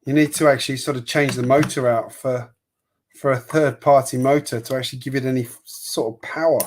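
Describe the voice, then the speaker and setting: A man's voice: mid-range voice, fairly even intonation, brisk, slight background noise. A man hosting a livestream, chatting casually and rambling with opinions and frequent laughs while he builds. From Sydney, Australia. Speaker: livestream host building a toy kit.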